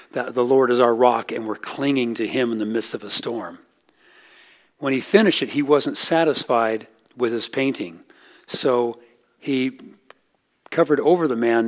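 A middle-aged man preaching, his pitch sitting right in the everyday middle. He tells stories earnestly, lifting his voice for quoted lines and sinking soft and low to land a point. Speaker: pastor. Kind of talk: sermon.

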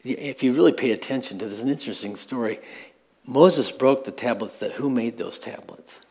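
A man's voice: medium pitch, moderate pace, creaky, darkish tone, husky. A man preaching a sermon as pastor, in a conversational style with asides and light chuckles.

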